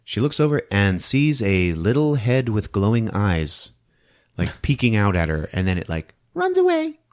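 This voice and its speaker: A man's voice: lowish voice, huge pitch swings, normal speed, a little mellow. A man hosting a podcast, recapping a movie for laughs, often laughing and breaking into character voices. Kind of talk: comedic movie recap with acted-out quotes.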